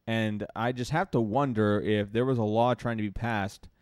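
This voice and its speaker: A podcast co-host, talking in a heated, profane rant. His voice sits on the low side and sounds dry and close, with no room around it. He speaks in a loose, casual chat style. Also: steady tone, normal speed, no echo. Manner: heated, ranting, swears freely.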